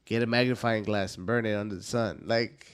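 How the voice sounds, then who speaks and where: A man telling profane, animated stories in casual podcast chat, acting out shrill quoted voices. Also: brisk, clean tone. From South Texas. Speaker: comedian guest.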